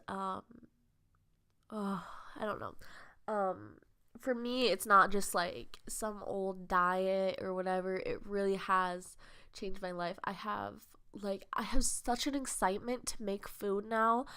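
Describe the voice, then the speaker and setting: A woman's voice: medium pitch, pushed and bright, smooth. A young woman vlogger talking in a casual podcast monologue, earnest and rambling, with a heartfelt, confessional way of speaking.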